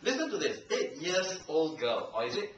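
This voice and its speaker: At a club meeting, a Singaporean man with a Singaporean English accent delivers a playful, teasing language evaluation, laughing often at his own humor. His fairly high voice swings widely in pitch at a moderate pace. A far-off handheld camcorder captures him in an echoey meeting room with a live audience, giving noisy, lo-fi sound.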